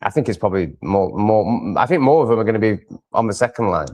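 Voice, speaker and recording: A man's voice: fairly low pitch, lively intonation, fast talker, a little mellow. A man hosting a live stream, chatting casually and reacting to viewers' comments in a rambling, opinionated way. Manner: rambling and opinionated, with many fillers and restarts. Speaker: livestream host.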